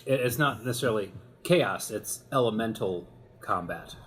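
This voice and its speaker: A man's voice: fairly low pitch, animated, normal speed, a bit bright, faint music behind. A man playing a tabletop game, asking questions and thinking aloud hesitantly. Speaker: player.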